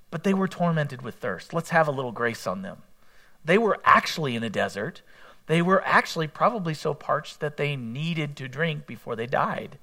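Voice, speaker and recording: A man's voice: a little high, fairly bright tone. A man preaching a sermon in a conversational way, asking his listeners questions and acting out quotes as he reads the scripture aloud. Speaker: pastor.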